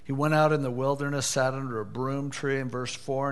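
A man preaching a sermon, telling a story with lively, conversational energy and acting out dialogue. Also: medium pitch, a little fast, hardly any pauses, clear, resonant tone. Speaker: pastor.

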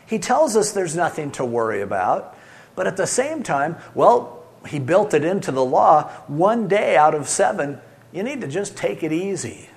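A middle-aged man preaching a sermon, swinging between loud emphasis and soft, soothing asides. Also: fairly high pitch, sing-song, normal speed. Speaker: pastor.

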